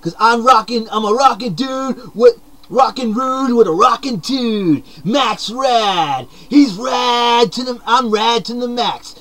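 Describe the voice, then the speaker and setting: A young man putting on a hyper, upbeat surfer-dude character with a mullet, talking to camera in an excitable, shouty comedic monologue full of slang. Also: very high-pitched, slow pace, exaggerated voice. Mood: hyped.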